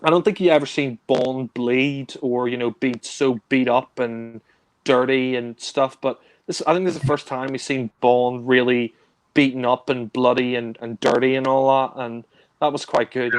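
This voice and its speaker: A man's voice: mid-range voice, fairly even intonation, normal speed, clear, resonant tone, dry recording. A man co-hosting a casual film discussion, rambling with many fillers, laughing and swearing. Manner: mimics characters in raised voice. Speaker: film review co-host.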